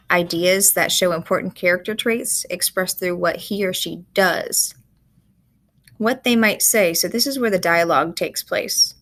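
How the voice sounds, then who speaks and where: Brief: woman teacher, calm and measured, walking students through a recorded writing lesson at a mid pitch.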